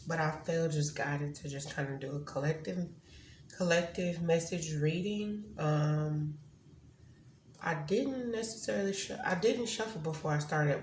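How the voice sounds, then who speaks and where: A woman reading tarot cards casually to camera, rambling and candid, swearing now and then. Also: deep voice. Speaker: tarot reader. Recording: echoey room with faint noise.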